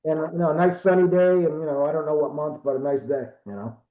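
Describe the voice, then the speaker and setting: A man in his fifties from Rhode Island spins a casual, meandering story as a guest, full of fillers and restarts. His voice sits a little high for a man. It comes through a video call with a roomy echo and dull, lo-fi sound. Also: steady tone, fast talker. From Rhode Island, USA. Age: 50s. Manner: rambling, self-correcting, lots of fillers.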